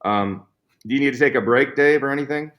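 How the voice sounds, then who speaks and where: A man hosting a casual interview, reacting with quick interjections and laughing along. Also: mid-range voice, dull audio. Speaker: host.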